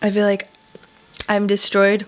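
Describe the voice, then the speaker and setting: A young woman in her twenties talks straight to camera in a personal vlog, loose and emphatic. Her voice sits at an ordinary middle pitch, and she speaks frankly, with casual fillers and blunt swearing. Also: monotone, unhurried. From Southern California. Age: 20s. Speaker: vlogger. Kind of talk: candid personal vlog talk.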